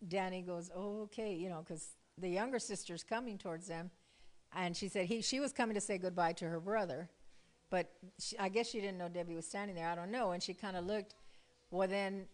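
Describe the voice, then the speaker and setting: A woman casually telling a faith testimony to a group, chatty, laughing often and leaning on "you know.". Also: medium pitch. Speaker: church member sharing a testimony.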